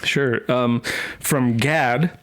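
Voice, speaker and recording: A man co-hosting a comedy podcast in casual chat, halting and repeating words as he talks. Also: medium pitch, fairly even intonation. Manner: hesitant, halting, repeats words, puts on joke accents. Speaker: podcast co-host.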